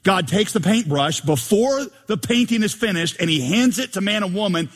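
Male pastor, husky tone, emphatic and wry sermon delivery, big reverberant hall. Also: high voice, lively intonation, normal speed. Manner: emphatic, humorous, mimics prayers. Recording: long reverb of a large hall.

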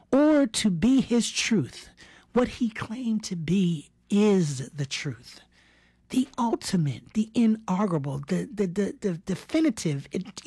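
A woman's voice: lowish voice, warm tone, breathy edge, no room sound. A woman preaching a sermon in an earnest way, repeating words and often dropping to a whisper for key phrases.

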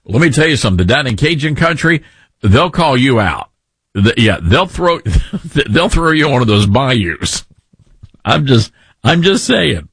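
A man's voice: medium pitch, very animated, unhurried, fairly bright tone, breathy edge, dry recording. A man in his fifties hosting a talk radio show, opinionated, rambling and jokey. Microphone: studio mic.

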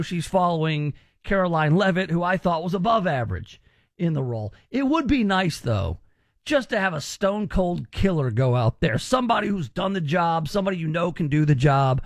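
Chatty high-voiced radio talk host. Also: male voice, dry recording, clean studio sound. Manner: chatty, wry, rambling asides. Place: radio studio.

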